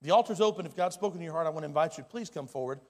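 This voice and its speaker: A man preaching a sermon as pastor, his delivery swinging from loud and urgent to hushed and quiet. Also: fairly high pitch, lively intonation, rapid-fire. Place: church sanctuary. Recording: long hall reverb.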